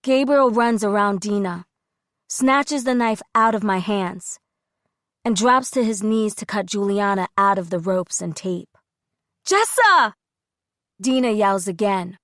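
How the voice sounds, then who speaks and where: Brief: woman narrator, unhurried and steady, dry close-miked studio read. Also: mid-range voice, dry recording. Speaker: audiobook narrator. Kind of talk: scripted first-person narration.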